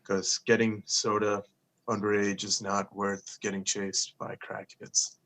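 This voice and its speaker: A man's voice: lowish voice, little pitch movement, takes it slowly, a bit bright. A young man co-hosting a casual chat show, telling a story in a laid-back way, swearing casually and quoting the people in it. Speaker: co-host.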